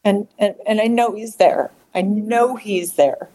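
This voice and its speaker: A middle-aged woman speaking candidly as an interview guest, halting and repeating words as she talks. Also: medium pitch, mellow, poor audio. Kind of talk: emotional personal interview.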